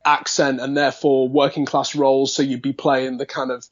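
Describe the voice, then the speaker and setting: A man with a light Liverpool accent talks as a podcast guest, an actor thinking aloud in loose, rambling sentences full of fillers and restarts. His voice sits at a middling pitch. The audio is a little muffled. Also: flat delivery, moderate pace. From Liverpool, England. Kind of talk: casual interview chat.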